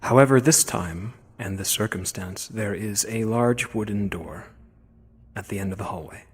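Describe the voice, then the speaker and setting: A man narrating a tabletop game as game master in a measured way. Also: on the low side, husky.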